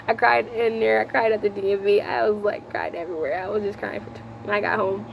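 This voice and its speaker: This vlogger talks fast in a gravelly, medium-pitched voice with a steady tone, rambling through a personal story. She circles back over the same points and pauses to speak to the Lord as noticeable background noise continues.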